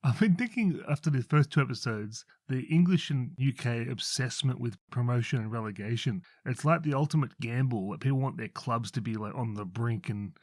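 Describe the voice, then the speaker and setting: Joking podcast co-host, dry close sound. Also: male voice, medium pitch, a little fast, hardly any pauses, darkish tone, no echo. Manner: jokey interjections, frequent laughter. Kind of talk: casual podcast chat.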